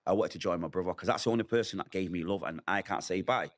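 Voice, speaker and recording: A middle-aged man with a deep voice speaks fast as he shares his painful story in a sit-down interview. Candid and moved, he reenacts conversations with vivid quotes.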